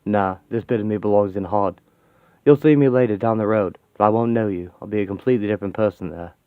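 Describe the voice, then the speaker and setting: A man's voice: lowish voice, quick pace, clean tone, no echo, pitched below the performer's own voice, close to an everyday voice. A man doing a languid, worldly occult artist. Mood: offhand. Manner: languid, calls people darling. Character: flamboyant male occult artist, breezy and worldly. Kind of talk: fan radio-play comic reading. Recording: tinny, dry, phone-like sound.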